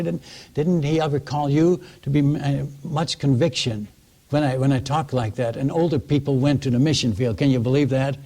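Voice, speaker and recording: A man preaching as a missionary, telling stories in an animated way, acting out the people he quotes and chuckling at his own tales. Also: a little high, brisk. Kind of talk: storytelling sermon.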